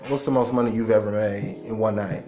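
A man's voice: fairly low pitch, fairly even intonation, fairly quick. A man interviewing his guest in a casual, laid-back way, prompting her with short reactions. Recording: echoey room with loud music behind.

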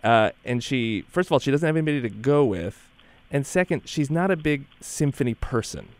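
A man's voice: mid-range voice, expressive, fairly quick. A man hosting a radio talk show, playful and teasing with his guests. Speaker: radio host. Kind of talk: casual radio chat.

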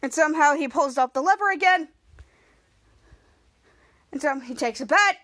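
A woman's voice: high voice, moderate pace, fairly bright tone. A woman hosting a podcast, recapping a TV episode scene by scene and acting out the characters' lines. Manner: retells scene by scene, acting out quotes. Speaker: podcast host.

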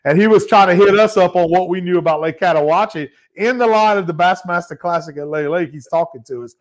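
A man hosting a casual podcast, telling a story with lively energy. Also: sits high, fairly quick. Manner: animated storyteller, acts out quoted voices. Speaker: podcast host.

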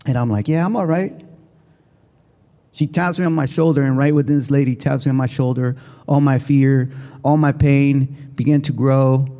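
A man giving a motivational keynote speech to educators, telling his story in an animated way with big swings in pitch and volume. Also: normal speed. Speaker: keynote speaker. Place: large conference hall. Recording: long hall reverb.

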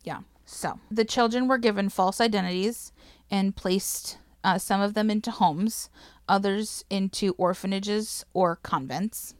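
A woman's voice: mid-range voice, measured pace, no room sound, studio quality. A woman casually telling a history story to a co-host, swearing freely, laughing and getting emotional.

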